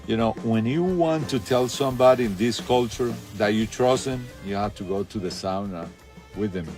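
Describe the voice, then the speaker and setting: A low-pitched man tells a wild story with blunt profanity and animated energy. Faint music runs under his voice, and his delivery is loose and conversational, like a documentary interview. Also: moderate pace.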